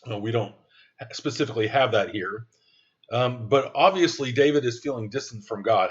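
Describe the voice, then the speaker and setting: Man, pastor, sermon, earnest delivery, medium pitch, slightly muffled recording. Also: moderate pace. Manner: earnest, reads scripture aloud, some fillers and restarts.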